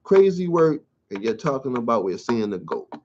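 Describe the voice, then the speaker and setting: A man's voice: medium pitch, big pitch swings, normal speed, a little mellow, slight background noise. A man hosting a solo sports talk show, blunt and profane, ranting about his team in casual slang. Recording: dull lo-fi sound.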